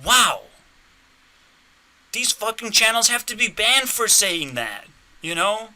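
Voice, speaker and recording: Bright-voiced man ranting, slow and erratic. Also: high voice, very animated. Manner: profane, erratic, swinging between shouting and muttering; trolling, laughing at his own provocations. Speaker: channel host. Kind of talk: unscripted rant to camera.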